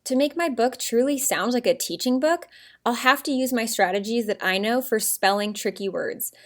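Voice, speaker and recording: A woman teaching a first grade writing lesson, upbeat and encouraging, calling the children friends and sounding words out slowly syllable by syllable. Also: fairly high pitch, animated.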